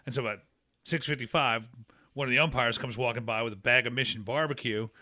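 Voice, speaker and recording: Bright-voiced man telling a lively story. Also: medium pitch, fast, no room sound, clean studio sound. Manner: animated storyteller, acts out quoted voices. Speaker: podcast guest. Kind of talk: casual chat.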